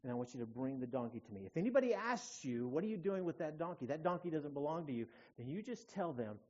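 Preacher guy doing jesus, calm sure teacher giving directions, dropped lower and quieter, dull lo-fi sound. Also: fast talker. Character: calm, assured male teacher giving instructions. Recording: dull lo-fi recording.

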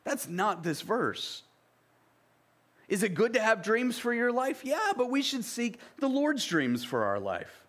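A man's voice: very high voice, sing-song, measured pace, fairly bright tone. A middle-aged man pastor preaching a sermon in a conversational way, reading scripture aloud and then explaining it.

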